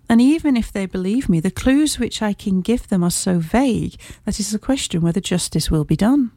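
Woman reading a polite, agitated young male engineer; mellow tone, dry close read, audiobook. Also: mid-range voice, expressive, brisk, no echo. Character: young male engineer, shaken but composed.

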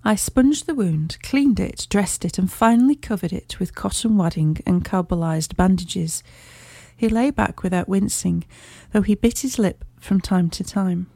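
Mellow-voiced woman narrating a classic story. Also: medium pitch, no room sound. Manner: measured, clear storytelling. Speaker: audiobook narrator. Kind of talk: first-person audiobook narration.

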